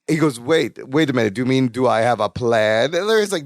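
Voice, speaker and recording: A man co-hosts a relaxed podcast recap, his voice high and bouncing with lively swings of pitch. He slips in quick voices for the characters as he retells scenes. The sound is dry and close. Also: no room sound. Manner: animated, acts out sitcom lines in quick impressions. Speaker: podcast co-host. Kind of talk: casual recap chat.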